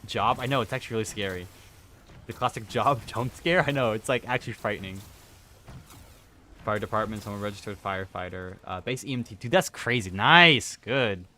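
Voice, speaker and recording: Bright-voiced young man chatting while gaming. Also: on the low side, fairly quick, a little hiss or hum. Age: young adult. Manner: rambling, self-correcting, chuckling storyteller. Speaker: gaming streamer. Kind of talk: casual chat while gaming.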